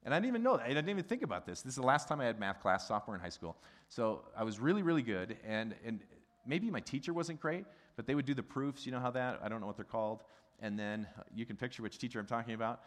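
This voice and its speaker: A middle-aged man from the Midwest preaching a sermon in a conversational, animated way, asking the congregation questions. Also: mid-range voice, fast. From American Midwest. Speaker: pastor. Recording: long hall reverb.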